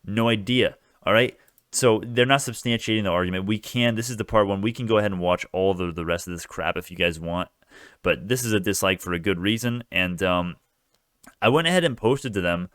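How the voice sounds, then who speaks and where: A man's voice: fairly low pitch, a little fast, a bit bright, no echo, clean studio sound. A man hosting a stock channel, giving heated reaction commentary in an agitated, swearing rant.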